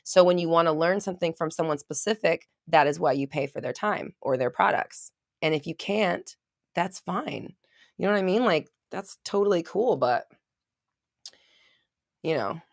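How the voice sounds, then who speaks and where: A young adult woman talks straight into the mic on a livestream, candid and easygoing, laughing often and swearing casually. Her voice sits slightly low for a woman. The sound is close and dry, with almost no room echo. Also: expressive, normal speed, vocal fry. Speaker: manifestation coach and online creator. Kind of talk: casual livestream chat reading comments.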